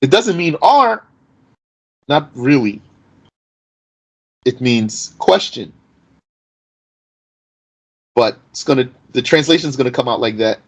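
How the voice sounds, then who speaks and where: Animated man teaching grammar. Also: mid-range voice, rough recording. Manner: animated, rhetorical questions, recites Arabic quickly. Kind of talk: explanatory lesson.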